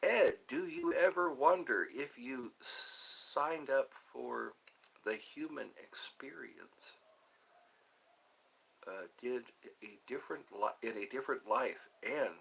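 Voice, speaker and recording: A man hosting a live stream alone, musing slowly and meandering while he answers viewer chat. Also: medium pitch, bright, forceful tone. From United States.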